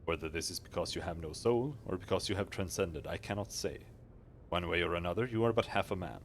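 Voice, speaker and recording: A man's voice: deep voice, a little fast, a little hiss or hum. A man voicing an aloof mystic woman in a fantasy game who can reshape souls, speaking in a grave, archaic, condescending way. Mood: solemn.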